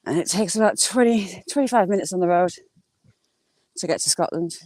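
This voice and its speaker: A middle-aged woman from northern England, her accent a mix of Yorkshire, Geordie and Cumbrian, live-streams a walk through rural fields, chatting and rambling casually while answering viewers' comments. Her voice is fairly low, expressive and darkish, fairly quick, with no echo.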